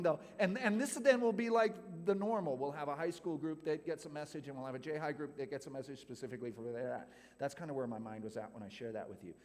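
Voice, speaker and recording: Chatty man telling a story in a hall. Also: fairly high pitch. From California. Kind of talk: youth group talk. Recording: hall reverb.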